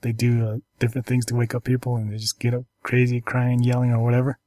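A man hosting a casual chat, talking haltingly with many ums and restarts while telling stories and going through apps. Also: medium pitch, completely flat delivery, warm tone, no echo.

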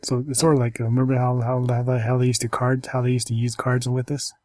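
This casual-chat host has a mid-range, somewhat dark voice with little pitch movement, and there's no room sound. He tells stories and goes through apps haltingly, pausing on ums and restarting often.

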